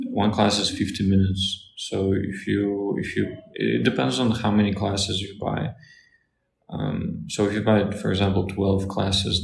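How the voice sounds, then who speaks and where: A man with a Russian accent, a Russian tutor answering questions in a casual lesson, repeating Russian words slowly for practice. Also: on the low side, gravelly. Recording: echoey room, faint noise.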